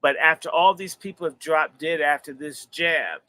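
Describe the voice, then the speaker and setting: A man's voice: on the high side, moderate pace, sharp tone. A man hosting a livestream, talking in a rambling, profane, sermon-like way. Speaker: host and minister. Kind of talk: preacherly livestream talk.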